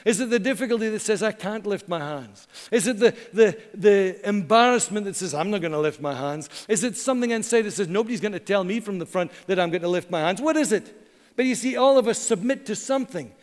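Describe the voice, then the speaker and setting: Preaching pastor, high voice, church reverb. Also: male voice. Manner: earnest, dramatic pauses, slows for emphasis. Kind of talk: sermon. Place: church hall.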